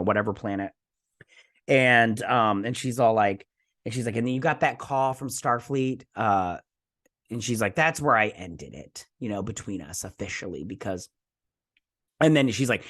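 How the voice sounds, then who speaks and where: A man hosting a review show, recapping an episode casually, chatty and animated, with lots of fillers as he acts out the characters' lines. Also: mid-range voice. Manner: frequent fillers like "like" and "you know".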